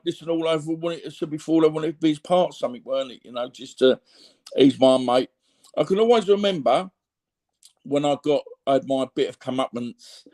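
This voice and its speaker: A man's voice: mid-range voice, darkish tone. A middle-aged man with a Cockney accent talking candidly as an interview guest, rambling and tagging on "you know what I mean" asides. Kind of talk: candid reflective conversation.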